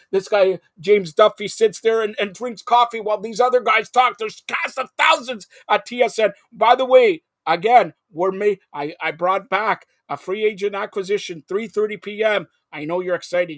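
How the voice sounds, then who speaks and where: A man hosting a live broadcast, talking in an excitable, rambling way that jumps between topics. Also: high-pitched, dry recording, studio quality. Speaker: host. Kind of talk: live call-in broadcast chat.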